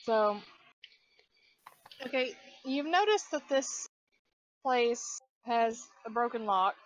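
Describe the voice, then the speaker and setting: A woman acting as game master in a tabletop role-playing game, narrating scenes and calling for dice checks in a loose, relaxed way with frequent fillers. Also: on the high side, slow pace, no room sound, low-quality recording. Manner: relaxed, with many fillers and restarts.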